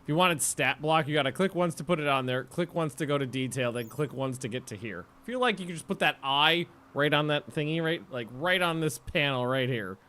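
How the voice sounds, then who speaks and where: A man's voice: fairly high pitch, a little fast, hardly any pauses, bright, forceful tone, clear, resonant tone. A young American man streaming a colony game, rambling and correcting himself as he plays. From United States. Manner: chatty, rambling, self-correcting. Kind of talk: casual gameplay commentary.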